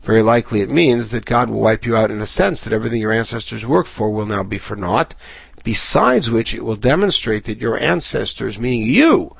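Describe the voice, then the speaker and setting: A man's voice: mid-range voice, gravelly, slightly rough, no echo. A man giving a Bible lesson, reading Hebrew verses aloud and then explaining them in English. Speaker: Bible teacher. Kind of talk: recorded Torah lesson.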